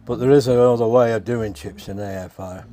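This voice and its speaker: A man's voice: fairly low pitch, steady tone, a little fast, warm tone. Chatty man eating while he talks. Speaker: home cooking vlogger. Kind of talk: casual taste-test chat.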